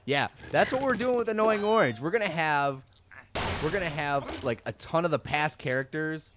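Young man, gaming commentary, goofy and rambling, sudden loud yells, lively swooping voice, noisy home mic. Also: on the high side, moderate pace. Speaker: gaming channel host. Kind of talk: let's play commentary. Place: home room.

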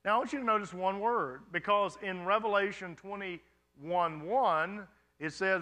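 A man's voice: sits high, a little slow, bright, forceful tone. A male pastor answering congregation questions in a sermon, talking conversationally and often checking in with "you understand?".

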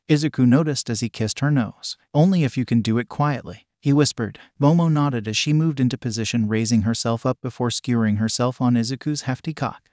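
A man reading a story as its narrator in a steady, even manner. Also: mid-range voice, dry recording, studio quality. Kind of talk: storybook reading of fan fiction.

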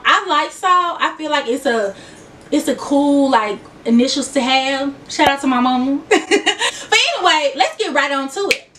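Casting: young woman, Memphis Southern accent, high voice, a bit off-mic. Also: a bit bright, recorded from a distance, a little hiss or hum. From Memphis, Tennessee. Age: 20s. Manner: chatty, laughing, addresses viewers as y'all. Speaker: YouTuber. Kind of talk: casual vlog chat.

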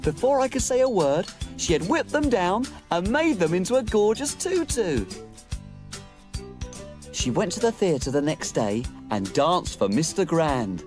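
A woman's voice: lowish voice, very animated, measured pace, darkish tone, soft background music. A woman playing a tiny cheerful female cook, telling a story in a sing-song, bouncy children's TV style. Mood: cheery storytelling.

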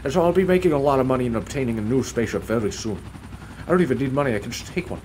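A man's voice: mid-range voice, animated, very fast, noisy background. A man giving casual gameplay commentary, sarcastic and mock-polite, swearing often as he plays. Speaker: gaming YouTuber.

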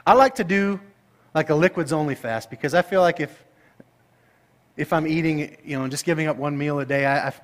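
A middle-aged male pastor preaching a sermon, telling stories playfully and breaking into excited, high outbursts. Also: fairly quick. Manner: animated, playful storytelling that rises to excited, high-pitched outbursts.

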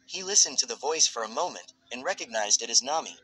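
A man narrates a piece of fan fiction in a steady, even read. His voice sits in a middle pitch with a bright, forward edge. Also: fast talker, breathy edge, low-quality recording.

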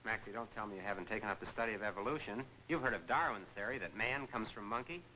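An actor playing a wisecracking sidekick who teases and questions a fool, in 1940s film comedy acting. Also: male voice, lowish voice, bright, forceful tone, a little hiss or hum, poor audio. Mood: teasing. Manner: quick, teasing questioning.

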